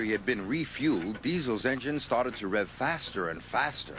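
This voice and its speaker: A man narrating a children's story in a lively, expressive scripted style. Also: mid-range voice, moderate pace, few pauses, a little hiss or hum. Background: music.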